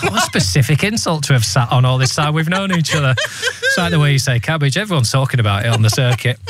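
A man's voice: on the high side, quick pace, heavy background noise. A man hosting a radio show, chatting in a dry, joking way. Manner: dry, joking, lively banter. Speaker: radio host. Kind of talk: casual radio chat.

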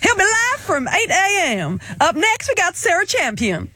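A woman's voice: very high-pitched, huge pitch swings, moderate pace, pushed and bright, slight background noise, voice pushed up, exaggerated voice. A woman putting on a Texan drawl. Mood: playful. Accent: Texan (put on). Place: radio studio.

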